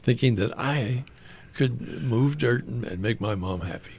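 Gravelly older man telling a story. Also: mid-range voice, a little mellow. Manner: halting, with frequent restarts and fillers; earnest, reflective. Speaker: interview guest. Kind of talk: personal storytelling in conversation.

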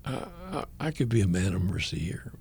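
Older male radio guest, husky storyteller, lively pitch, acts out the voices. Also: a little fast. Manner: animated storytelling, acting out quoted voices. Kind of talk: conversational testimony.

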